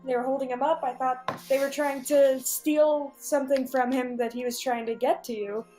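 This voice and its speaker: A woman's voice: high-pitched, fairly even intonation, moderate pace, mellow, faint music behind. A woman player in a tabletop role-playing game, talking in a chatty, hesitant way full of fillers. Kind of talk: casual tabletop game play.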